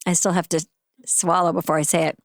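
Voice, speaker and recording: A woman with a Boston accent hosting a casual interview podcast, asking quick questions and joking playfully. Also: fairly low pitch, level tone, dry recording, clean studio sound. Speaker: podcast host.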